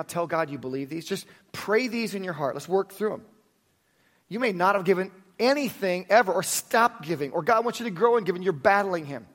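A man preaching a sermon in an earnest manner, telling stories with energy and guiding the congregation in prayer. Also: sits high. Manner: earnest, builds to animated storytelling, then drops to soft prayer. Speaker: pastor.

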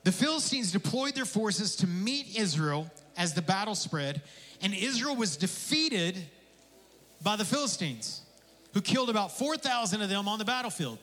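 A man preaching a sermon as pastor, conversational and animated, with casual asides and jokes. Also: sits high, moderate pace. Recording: long hall reverb.

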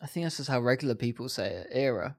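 A woman co-hosting a podcast as its producer, dry and teasing with quick quips. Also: very deep voice, animated, darkish tone. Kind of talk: casual chat.

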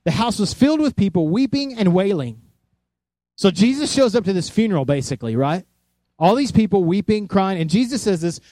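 Animated male preacher, dry close sound. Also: high voice, moderate pace, dry recording. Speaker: pastor. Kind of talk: sermon.

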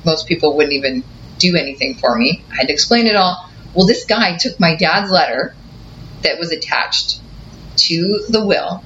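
Woman telling a painful story, bright-toned. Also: low voice, moderate pace. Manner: emotional, animated retelling with acted quotes. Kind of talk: candid personal storytelling. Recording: slightly dull audio with faint noise.

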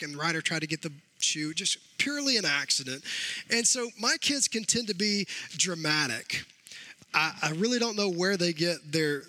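A man's voice: sits high, dry recording. A man speaking to an audience, telling a personal story with humor and acting out what people said. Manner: humorous, animated storyteller who acts out quotes.

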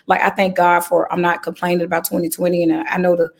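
A woman gospel recording artist, a guest in a conversational interview, telling her story with emotional, animated testimony. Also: on the low side, fast talker, gravelly.

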